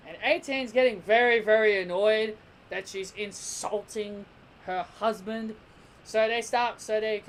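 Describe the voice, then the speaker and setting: A man's voice: high voice, a bit bright, a little hiss or hum, low-quality recording. A man casually reviewing a cartoon episode, rambling and restarting his sentences. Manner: rambling, with many restarts and repeated "and".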